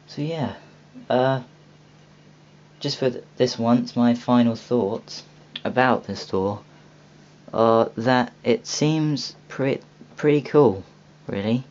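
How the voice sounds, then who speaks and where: A man's voice: mid-range voice, slow, darkish tone. A young man hosting a casual video walkthrough of a game store, rambling with many ums and restarts. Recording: dull lo-fi home recording with faint hiss.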